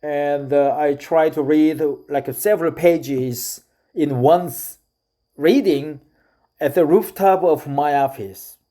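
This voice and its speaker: A middle-aged man from South Korea with a Korean accent, speaking English as a second language in a casual, hesitant monologue full of filler pauses. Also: on the high side, dark tone. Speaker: vlogger.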